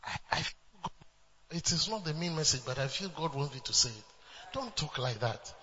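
A man's voice: fairly high pitch, very animated, normal speed, pushed and bright, long reverb tail, muffled recording. A man preaching a sermon as pastor, emphatic, with repeated refrains and bursts of laughter.

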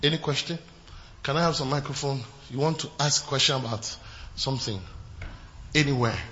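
A man preaching a sermon as pastor, swinging from shouted exclamations to low, quiet asides. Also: a little fast, dull audio, a little hiss or hum.

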